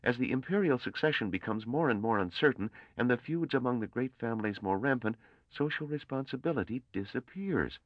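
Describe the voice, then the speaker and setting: A man's voice: mid-range voice, animated, a little fast, no echo, muffled recording, voice pushed up, natural voice. A man voicing an earnest, anxious young male scholar who speaks deferentially under pressure. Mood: urgent.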